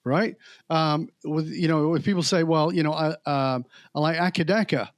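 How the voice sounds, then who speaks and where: A man talking as a podcast guest, animated, slowing down to hammer key words and mimicking other voices. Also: on the high side, dry recording. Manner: animated storyteller who mimics accents and voices; slows down to stress key words. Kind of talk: casual conversation.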